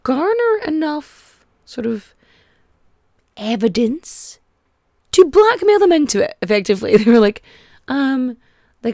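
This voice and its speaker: A woman's voice: on the high side, sing-song, unhurried, long pauses, a little mellow, dry recording, clean studio sound. A woman hosting a casual comic history podcast, chatty and irreverent, with frequent swearing and filler words. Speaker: podcast host.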